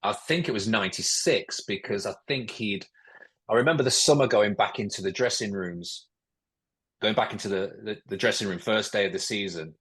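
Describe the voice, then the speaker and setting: Husky low-voiced man telling stories. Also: moderate pace, a bit bright. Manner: rambling anecdotal storytelling. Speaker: podcast guest, former footballer. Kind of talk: casual interview chat.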